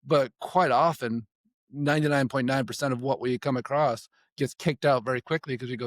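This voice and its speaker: A man's voice: mid-range voice, steady tone, brisk, no echo, clean studio sound. A man talking casually and reflectively as a podcast guest, rambling with restarts. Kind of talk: casual conversation.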